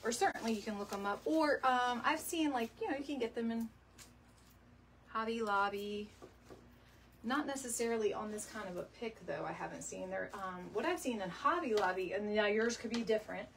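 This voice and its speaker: Her voice is a little high and her pace moderate as this woman hosts a DIY decor video, rambling through casual craft chat, laughing readily, and using "y'all." There's a little hiss or hum, and the mic sits somewhat distant with faint room ambience.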